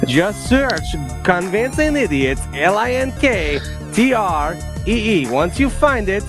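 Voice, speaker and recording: A man's voice: high voice, big pitch swings, slow pace, over music, full character voice. A man voicing a boastful male French winemaker in a put-on French accent, speaking broken English with a proud salesman's patter.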